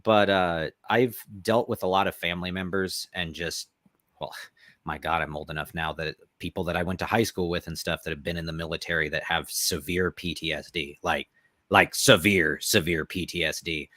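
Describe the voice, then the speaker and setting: A man's voice: deep voice, fairly even intonation, normal speed, pushed and bright, dry recording, studio quality. A man co-hosting a call-in show, talking loosely and repeating himself as he reacts. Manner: loose, trailing off, repeats words. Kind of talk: casual chat.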